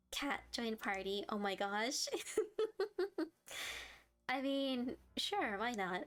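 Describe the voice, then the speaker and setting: Young woman streamer, higher voice, unhurried, giggly and chatty with her viewers. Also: soft background music. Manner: giggly, chatty, reads chat aloud and reacts warmly. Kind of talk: live game stream commentary.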